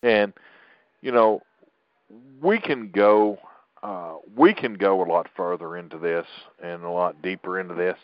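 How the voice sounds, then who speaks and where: A man's voice: deep voice, unhurried, no room sound, lo-fi sound. A middle-aged man hosting a political podcast, talking in an opinionated, rambling way with frequent restarts. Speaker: podcast host.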